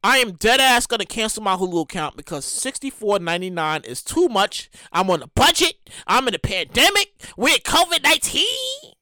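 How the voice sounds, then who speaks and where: A woman's voice: on the high side, very animated, moderate pace, pushed and bright, no room sound, studio quality. A woman hosting a show, ranting casually and emphatically, with profanity and stammered restarts. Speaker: show host. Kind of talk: casual comic rant.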